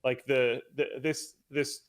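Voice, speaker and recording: A male co-host on a tech news podcast, chatting casually. He lays out his reasoning in a measured, explanatory way. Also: mid-range voice, little pitch movement.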